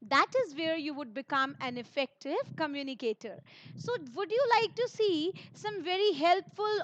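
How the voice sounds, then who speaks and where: High-voiced upbeat teacher woman. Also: fairly bright tone. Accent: Indian English. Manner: upbeat, encouraging, addresses students directly. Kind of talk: online lesson for students. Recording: dull lo-fi recording.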